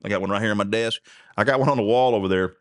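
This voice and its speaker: A man's voice: fairly low pitch, very fast, clear, resonant tone, no echo, clean studio sound. A man hosting a talk radio show, rambling through stories in a casual, folksy way with frequent chuckles and asides. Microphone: studio mic.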